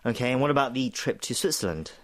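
A man hosting a radio show, briskly asking questions and moving between segments. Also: mid-range voice, animated. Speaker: radio host. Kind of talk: broadcast interview.

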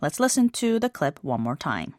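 A woman hosting a scripted language lesson, explaining phrases in a measured way and slowing down on key words. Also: deep voice, big pitch swings, darkish tone, soft background music.

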